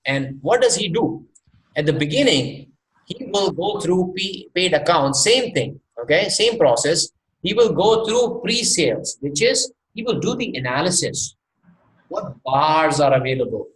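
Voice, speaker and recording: A man's voice: on the high side, big pitch swings, measured pace. A man from India teaching an online sales workshop, asking many rhetorical questions and laughing often. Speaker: sales trainer. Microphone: online call mic. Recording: echoey room with faint noise.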